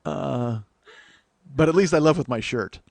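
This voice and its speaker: A man telling a profane, animated story on a comedy podcast, acting out what other people said. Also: a little high, a little slow, creaky, slight background noise. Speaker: comedian host.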